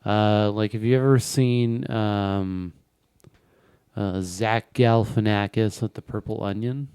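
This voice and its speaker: A man talking as a guest on a comedy podcast, rambling and halting as he explains his jokes. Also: lowish voice, steady tone, a little mellow, clear, resonant tone, dry recording. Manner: rambling, halting, full of fillers. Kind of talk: casual chat.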